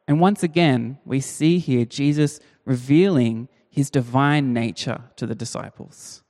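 A man preaching in a relaxed, conversational way, leaning on emphasis and throwing rhetorical questions at his listeners. His mid-pitched voice rings out with a long reverb that trails through a large hall. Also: a little slow, hardly any pauses. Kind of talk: sermon.

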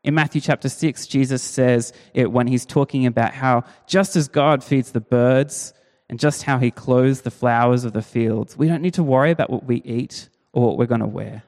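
A man preaching in a relaxed, conversational way, leaning on emphasis and throwing rhetorical questions at his listeners. His mid-pitched voice rings out with a long reverb that trails through a large hall. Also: moderate pace. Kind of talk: sermon.

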